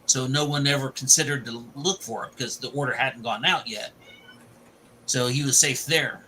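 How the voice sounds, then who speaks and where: A man's voice: mid-range voice, moderate pace, pushed and bright, slight background noise, poor audio. A man casually retelling the plot of a film, rambling and restarting as he goes.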